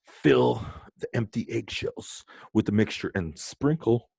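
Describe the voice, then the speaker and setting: A man's voice: mid-range voice, measured pace, creaky, husky, no room sound. A man teaching an online lesson in a playful, joking way, talking straight to his students. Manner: joking, animated, talks to students directly.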